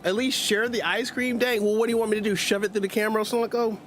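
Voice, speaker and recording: A man's voice: high voice, fast, hardly any pauses, slight background noise. A man hosting a gaming livestream, chatting casually, laughing often and munching into his mic. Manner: animated, laughs often, talks while munching. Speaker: streamer host. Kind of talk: casual livestream gameplay chat. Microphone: streaming mic.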